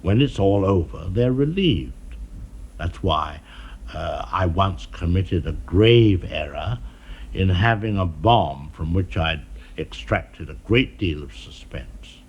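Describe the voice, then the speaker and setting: A man being interviewed in an archival television conversation, speaking in a measured, dryly witty way, pausing often with "uh". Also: low-pitched, breathy edge, dull audio. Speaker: film director being interviewed.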